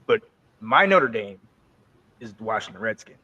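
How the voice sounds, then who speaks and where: A man in his forties from North Carolina, co-hosting a podcast, telling animated sports stories in a casual chat with frequent repeated words. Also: on the low side, moderate pace. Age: 40s. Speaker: podcast co-host.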